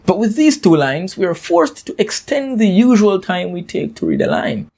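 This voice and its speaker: A man giving a scripted poetry lesson, explaining meter and structure in a clear, measured way and reading verse slowly with dramatic pauses. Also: sits high, wildly swooping pitch, a little mellow. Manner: slow, dramatic poem reading with deliberate pauses. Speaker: English literature teacher.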